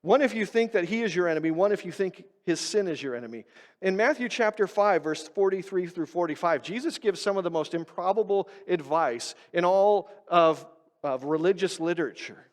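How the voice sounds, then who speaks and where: A male pastor giving an emphatic sermon, pushing his stresses loud and then dropping to quiet, low asides. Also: lively intonation, fairly quick, long reverb tail. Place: church sanctuary.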